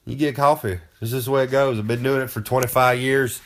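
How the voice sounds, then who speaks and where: The voice is mid-range and level, the pace quick: a wrestler giving comedic advice in a bragging monologue. He drifts along in a folksy manner, naming himself in the third person.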